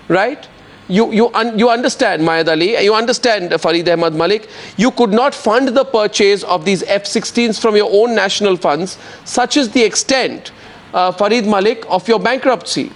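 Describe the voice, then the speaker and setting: A man hosting a heated TV news debate, forceful and interrupting, repeating guests' names to take control and switching between English and Hindi. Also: high voice.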